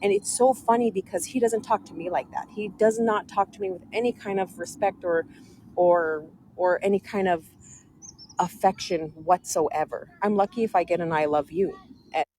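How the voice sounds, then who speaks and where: A woman's voice: medium pitch, moderate pace, darkish tone, slight background noise. A woman telling her personal story to an audience in a rambling, aggrieved way, quoting others as she goes. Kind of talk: casual storytelling to a live audience.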